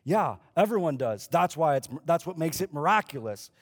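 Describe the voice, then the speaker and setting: A man preaching a sermon as a pastor, telling the story lively and acting out the lines people say. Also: on the high side, normal speed. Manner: animated storyteller who acts out quoted lines. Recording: long hall reverb.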